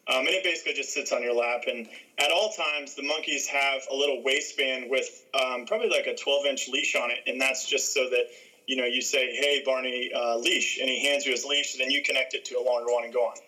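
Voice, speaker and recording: A young man, a guest, telling a childhood story in a lively, laughing way. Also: medium pitch, fast talker, low-quality recording. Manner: animated, laughing through the story. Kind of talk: casual storytelling.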